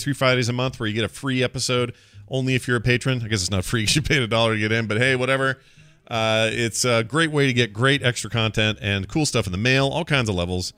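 A man's voice: mid-range voice, sharp tone, clean tone, no room sound. A man hosting a podcast in casual chat who reads plugs in an upbeat, promotional way. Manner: upbeat, promotional, quick asides. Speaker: podcast host.

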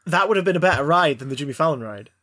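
A man's voice: a little high, racing. Rambling man on a podcast. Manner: rambling, stammering restarts, deadpan jokes. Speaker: podcast co-host. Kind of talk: casual banter about films.

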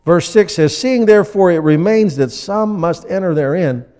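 A man preaching a sermon as pastor, acting out people in little scenes with lively energy. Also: sits high, moderate pace, long reverb tail. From USA.

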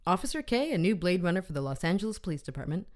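Woman podcast co-host, lowish voice, dry wit, short replies. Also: big pitch swings, rapid-fire, a little mellow. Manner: dry quips and supportive murmurs. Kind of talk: casual chat.

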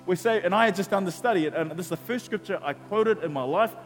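A man's voice: sits high, quick pace, long reverb tail, soft background music. A male pastor preaching a sermon and telling a personal story, acting out the dialogue. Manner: animated storytelling, acts out dialogue.

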